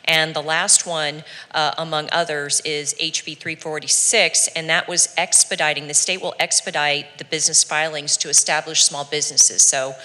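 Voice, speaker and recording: A woman's voice: deep voice, fairly even intonation, normal speed, few pauses, bright, forceful tone. A woman from the chamber of commerce giving a matter-of-fact legislative update, with frequent fillers, in a reverberant council chamber. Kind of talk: public update at a council meeting.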